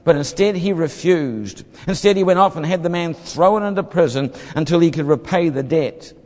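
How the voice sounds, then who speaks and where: A man's voice: fairly high pitch, normal speed, darkish tone. A man preaching a sermon, reading scripture and explaining it, briefly acting out voices from the story. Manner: expository, acts out the parable's voices. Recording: hall reverb.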